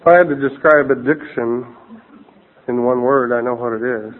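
A man's voice: medium pitch, steady tone, normal speed. A man telling a funny personal story as a speaker at a recovery meeting, with a wry, punchline-driven delivery. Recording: tinny phone-like radio audio with crowd and noise.

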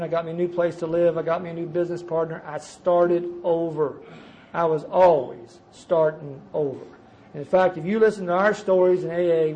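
A man's voice: on the high side, a little mellow, a little hiss or hum, rough recording. A middle-aged man, telling his recovery story to a meeting in a folksy, self-mocking way. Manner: folksy, self-mocking, addresses listeners as guys.

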